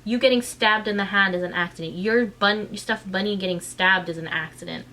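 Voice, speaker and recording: A woman vlogging as a mother, frustrated and indignant, her voice shaken and close to tears, speaking in halting bursts with many restarts. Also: mid-range voice, sharp tone. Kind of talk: emotional personal vlog recounting.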